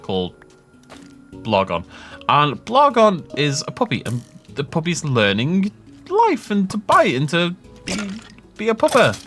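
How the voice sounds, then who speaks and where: A man's voice: on the high side, huge pitch swings, measured pace, pauses often, a bit bright, faint music behind. A man giving rambling, jokey commentary while he plays a game, often laughing at his own tangents. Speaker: gaming YouTuber. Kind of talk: casual let's-play commentary.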